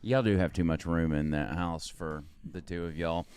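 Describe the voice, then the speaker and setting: A man's voice: sits low, moderate pace, few pauses, a little mellow, clear, resonant tone, no room sound, clean studio sound. A man, co-hosting a podcast in casual, rambling chat. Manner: laid-back, rambling with fillers. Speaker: podcast co-host.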